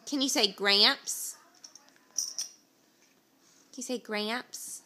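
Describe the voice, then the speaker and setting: A young mother at home on a home video, gently coaxing her toddler with repeated simple questions. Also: on the high side, extremely slow, pauses often.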